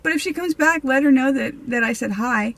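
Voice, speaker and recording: An unruffled elderly grandmother speaks in a raised, gentle voice, as a woman puts her on while telling a story. She stays mild and matter-of-fact, sounding completely unbothered. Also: high-pitched, fairly quick, voice pushed up, rough recording. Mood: unfazed.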